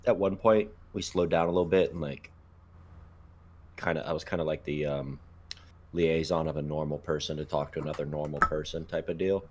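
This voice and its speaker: A man's voice: a bass voice, fairly even intonation, brisk, slight background noise. A man co-hosting a casual podcast, laid-back and swearing now and then, trailing off with ums. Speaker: podcast co-host.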